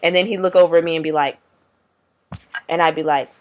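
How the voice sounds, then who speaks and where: A man's voice: a little high, fairly even intonation, fairly quick. A young man vlogging casually, rambling in slangy, profane talk. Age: young adult. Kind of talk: casual video diary.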